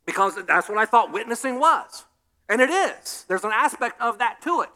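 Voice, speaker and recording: A male pastor preaching a sermon in an animated way, acting out scenes with humor. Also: very high voice, normal speed.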